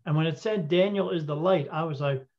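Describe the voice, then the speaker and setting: A man telling a story as an interview guest, animated and acting out the dialogue, with frequent fillers. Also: a little high, fairly quick. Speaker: interview guest, intuitive reader. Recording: dull lo-fi audio.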